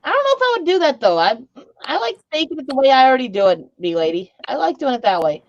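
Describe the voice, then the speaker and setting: A woman's voice: high-pitched, very animated, quick pace, slight background noise. A woman hosting a live stream, chatting casually and teasing her guests with frequent laughter. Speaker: livestream host. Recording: dull lo-fi stream audio.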